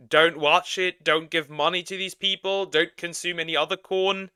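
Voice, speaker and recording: A man giving casual reaction commentary, halting and slangy, often repeating himself. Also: a little high, fairly even intonation, bright, forceful tone, clear, resonant tone, no echo, clean studio sound. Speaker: streamer reacting to a video.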